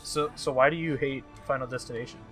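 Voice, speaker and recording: A podcast co-host in casual movie chat, teasing the others with quick, playful reactions. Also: medium pitch, fairly even intonation, fairly bright tone. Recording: music playing underneath.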